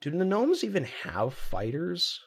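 Slow-talking man rambling through character backstories. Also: high-pitched, huge pitch swings, slightly rough. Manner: rambling, hesitant, full of ums. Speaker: player. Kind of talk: casual tabletop game chat.

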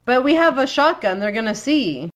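Casting: woman player, playful joker, pitch swings widely. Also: big pitch swings, normal speed. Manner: joking, playful. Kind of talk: casual tabletop play.

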